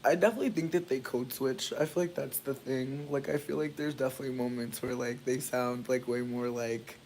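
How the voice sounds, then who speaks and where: A man from Michigan chatting casually with viewers while doing his hair, playful and profane, with sudden jumps into high squeals. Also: fairly even intonation, brisk, a little mellow, a little hiss or hum. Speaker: livestreamer.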